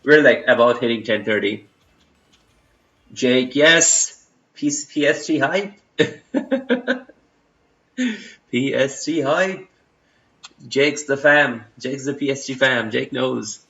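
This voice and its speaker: A young man with an Indian accent chats casually on a live stream, rambling through fillers and restarting his sentences. His voice sits at a middling pitch. The sound is roomy and a little dull. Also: slow pace, creaky, long pauses, bright, forceful tone. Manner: chatty, loose, full of fillers and restarts, reads chat aloud. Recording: roomy, slightly dull home stream audio.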